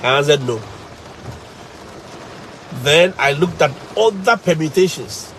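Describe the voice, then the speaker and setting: A man with a Ghanaian English accent, working as a teacher, tells his stories to live viewers. He speaks in a slightly high voice. His delivery is animated and emphatic, and he repeats phrases to drive each point home. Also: takes it slowly, slight background noise. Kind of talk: casual storytelling to live viewers.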